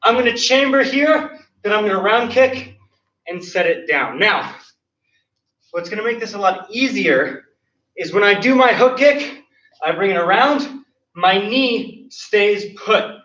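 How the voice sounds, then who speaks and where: Out of breath martial arts guy counting kicks, high voice, echoey studio, far from the mic. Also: lively intonation, unhurried, sharp tone. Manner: counts and cues moves while demonstrating kicks. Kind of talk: online class instruction. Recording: roomy, distant, dull sound.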